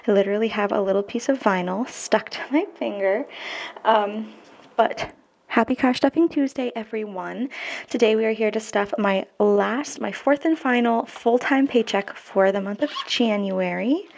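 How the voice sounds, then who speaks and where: A woman's voice: medium pitch, normal speed, vocal fry, a little mellow, a little hiss or hum. A woman in her twenties, chatting casually to camera as a budgeting vlogger and counting cash aloud in a bubbly way. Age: 20s.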